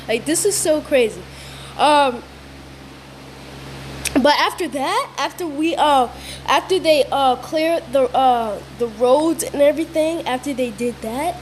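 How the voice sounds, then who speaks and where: A woman telling viewers a wild story in an excited, rambling way, repeating herself and filling pauses with lots of ums. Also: high voice, slight background noise. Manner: breathless, repetitive, lots of fillers and restarts. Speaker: vlogger.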